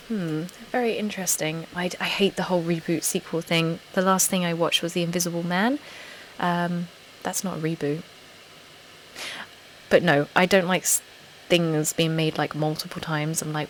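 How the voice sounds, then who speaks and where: An ASMR channel host from Essex, England, speaking at normal speed in a lowish voice with fairly even intonation, chats casually on a live stream, reading comments with giggly self-deprecation. The audio is poor, taken from a desktop microphone with laptop fan noise audible.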